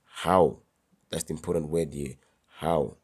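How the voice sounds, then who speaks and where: A man's voice: rumbling low, steady tone, measured pace, breathy edge. A man talking straight to camera in a casual advice monologue, slangy and emphatic, repeating his key words. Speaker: advice vlogger.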